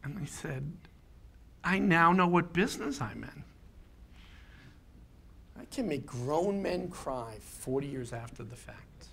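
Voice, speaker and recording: Slow, earnest storytelling man. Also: fairly high pitch, animated, fairly bright tone. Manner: earnest, builds to emphatic rhetorical questions. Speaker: keynote speaker. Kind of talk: personal storytelling talk.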